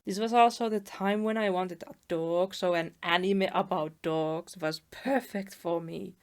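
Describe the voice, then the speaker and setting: Woman, twenties, soft casual art-vlog narration, clear voice. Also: lowish voice, steady tone, measured pace. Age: 20s. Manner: soft, chatty, laughs at herself. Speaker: artist vlogger. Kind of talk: casual narration over speedpaint.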